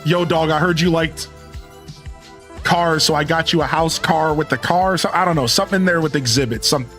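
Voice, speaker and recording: Man in his thirties, game streamer, rambling casual chat, slightly high pitch, faint music behind. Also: normal speed, a bit bright. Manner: rambling, chuckling, thanks viewers by name.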